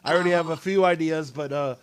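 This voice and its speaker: A man's voice: on the high side, fairly even intonation, quick pace. A man in his thirties hosting a podcast in casual chat, joking and teasing his guests. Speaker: podcast host.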